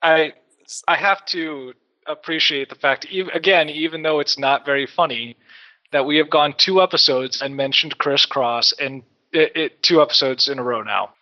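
A man co-hosting a podcast, playful and quick with asides, laughing a lot. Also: fairly high pitch, sharp tone, dull audio. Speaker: podcast co-host. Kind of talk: casual chat.

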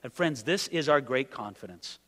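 A man's voice: medium pitch, lively intonation, normal speed, a bit bright. A man preaching an expository sermon as pastor, reading scripture and pressing the congregation with emphatic rhetorical questions. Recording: long reverb of a large room.

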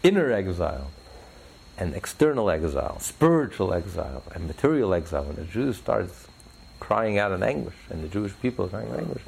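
A man teaching religious ideas in an interview, preacherly, rising sharply in pitch for emphasis and telling stories with acted voices. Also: very animated, fairly quick, creaky, a little mellow, slight background noise, rough recording.

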